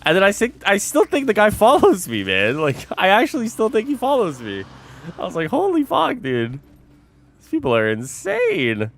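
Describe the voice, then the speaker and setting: In a high-pitched voice at normal speed, a young man chats with his stream audience. He's animated and casual, cursing a lot and addressing everyone as bro.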